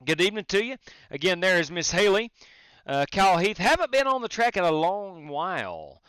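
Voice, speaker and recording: A man's voice: high voice, very animated, fairly quick, pushed and bright, smooth, no echo. A man streaming a sim race, chatting casually and greeting viewers while he drives. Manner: frequent fillers and restarts. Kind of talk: casual live-stream commentary.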